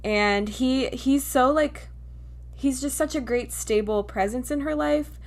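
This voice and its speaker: A woman's voice: high-pitched, a little slow. Gushing young woman podcast host. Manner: gushing, enthusiastic. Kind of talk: casual chat.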